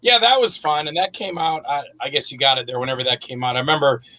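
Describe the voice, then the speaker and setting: A man, an actor and director, chatting as an interview guest and telling animated stories. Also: on the high side, fast talker, muffled recording. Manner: animated storyteller, acts out quotes. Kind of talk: casual interview chat.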